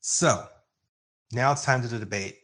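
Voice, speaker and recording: A man co-hosting a music podcast, chatting casually and getting excited and openly emotional. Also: medium pitch, moderate pace. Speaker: podcast co-host. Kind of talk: casual music debate chat. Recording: remote call, own mic.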